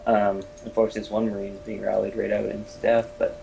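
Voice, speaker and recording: A man giving color commentary on a video game match in a measured, analytical way, with hesitant fillers. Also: on the low side, completely flat delivery, creaky, noisy background.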